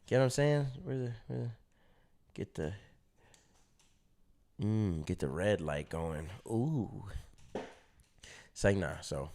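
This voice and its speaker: A young adult man casually telling a story on his vlog, animated and slangy, laughing at himself and swearing freely. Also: on the low side, takes it slowly, pauses often. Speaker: vlogger.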